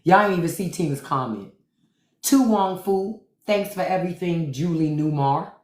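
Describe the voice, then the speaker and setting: Blunt woman host with low voice. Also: lively intonation, normal speed, a little mellow, roomy sound. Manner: blunt, profane and repetitive. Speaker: podcast host. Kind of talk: livestream commentary to viewers.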